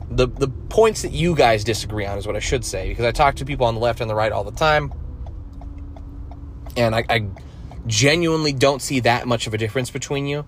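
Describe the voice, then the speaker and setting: A man's voice: medium pitch, a little hiss or hum. Profane rambling man on a podcast. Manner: profane, rambling, crude jokes. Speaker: podcast host. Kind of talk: solo casual podcast rant.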